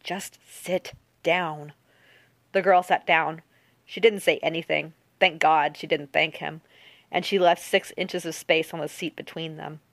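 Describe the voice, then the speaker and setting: A woman reading a novel aloud with a steady storytelling delivery. Her voice sits somewhat low, captured close and dry with no room sound. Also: moderate pace, vocal fry, no echo. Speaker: audiobook narrator. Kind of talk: audiobook narration.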